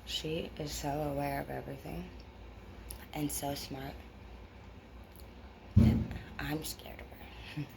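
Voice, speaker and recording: A woman's voice: sits low, little pitch movement, takes it slowly, gravelly, pauses often, background noise. A woman with grown children giving a casual tarot reading to her viewers, rambling, blunt and full of swearing. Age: adult with children. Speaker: tarot reader.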